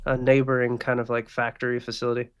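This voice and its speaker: This is a man acting as dungeon master and narrating the scene. His delivery is loose and conversational, full of filler words. His voice sits in a middle pitch. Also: monotone, fast, smooth, dull audio. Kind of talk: narrating a tabletop game.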